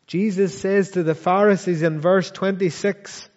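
A man preaching a sermon in a church, earnest and measured, pressing his listeners with repeated questions. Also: high voice, steady tone, a little mellow, big-room sound, dull audio. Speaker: pastor.

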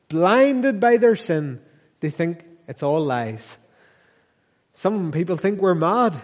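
A man preaching a sermon in a church, earnest and measured, pressing his listeners with repeated questions. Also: sits high, animated, a little mellow, in a large hall, dull audio. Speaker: pastor.

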